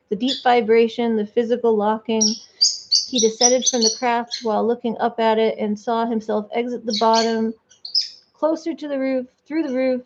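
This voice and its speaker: A woman's voice: on the high side, background noise. A woman vlogger casually reading online stories aloud, rambling with off-script asides, on a dull lo-fi recording.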